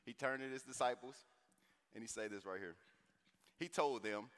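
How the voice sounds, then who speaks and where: A man preaching a sermon in an animated, conversational way with slang. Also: mid-range voice, normal speed, long pauses. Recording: long hall reverb.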